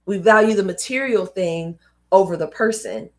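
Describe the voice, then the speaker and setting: A woman's voice: mid-range voice, moderate pace. Casual woman reading aloud live. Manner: casual, emphatic asides. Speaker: host reading books aloud. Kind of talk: live read-aloud with commentary.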